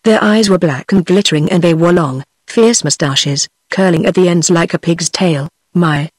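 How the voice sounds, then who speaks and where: A woman with a British English accent, a synthetic voice, narrating a storybook in an even, unhurried reading. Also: on the low side, breathy edge, no room sound. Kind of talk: audiobook narration.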